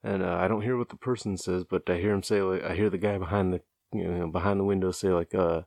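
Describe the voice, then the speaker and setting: A man's voice: low voice, fairly even intonation, fast, vocal fry, hardly any pauses, a little mellow, no echo, studio quality. A man casually telling a rambling, amused anecdote, loose and profane, often chuckling at his own tale. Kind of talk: casual storytelling.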